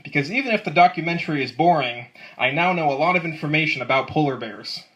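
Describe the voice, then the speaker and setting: An amateur comedian in his twenties does a live stand-up set, delivering dry one-liners and chuckling at his own jokes while the audience laughs. His voice is a little high, fast, and a bit bright with lively intonation, though the recording is muffled.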